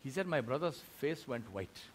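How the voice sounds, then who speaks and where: At normal speed and medium pitch, an Indian man gives a Friday sermon in a mosque, with slight background noise audible. He's a lively storyteller who performs the voices of the people in his story.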